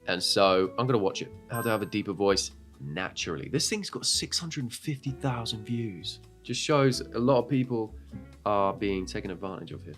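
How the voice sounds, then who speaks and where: A man's voice: lowish voice, expressive, normal speed, a bit bright, faint music behind. A man hosting a reaction video, cracking sarcastic, crude jokes in casual commentary into a desk microphone. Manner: sarcastic, crude joking asides.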